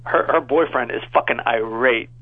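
A man's voice: mid-range voice, normal speed, narrow, tinny audio, a little hiss or hum. A man in his thirties casually telling a rambling, profane story on a podcast, laughing along as he goes. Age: 30s.

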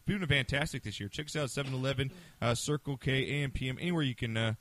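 A man co-hosting a casual sports talk show, joking loudly and reading sponsor plugs. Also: medium pitch, very fast, dry recording. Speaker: podcast co-host.

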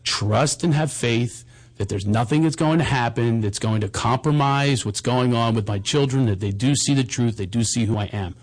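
A man's voice: medium pitch, normal speed. Bombastic middle-aged male comedy host. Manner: bombastic, rambling, self-deprecating. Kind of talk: casual chat and personal storytelling.

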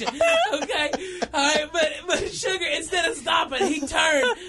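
Animated high-voiced man telling funny stories. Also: normal speed, few pauses, a loud crowd. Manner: animated, laughs through his lines, keeps saying okay and all right. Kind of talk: comic storytelling in casual chat.

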